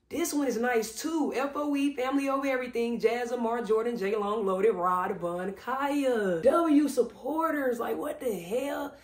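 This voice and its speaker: A woman with a Texan accent, opening fan mail on camera in casual, hyped, slang-heavy chat, shouting out her supporters. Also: fairly high pitch, lively intonation, slow. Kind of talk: casual unboxing commentary. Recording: roomy echo, voice far from mic.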